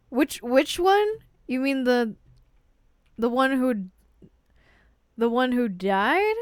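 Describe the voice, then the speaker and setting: Woman, streamer, casual movie reaction, unhurried, clear smooth voice, rambling with repeats. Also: high voice, expressive, no room sound, studio quality. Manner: chatty, rambling, trails off and repeats words. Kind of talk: casual live-stream commentary.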